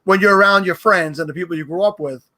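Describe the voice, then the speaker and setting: A man's voice: sits high, fast talker, sharp tone. A man with a New York accent, a guest on a podcast, chatting casually and teasing the hosts. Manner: joking, teasing, self-promoting.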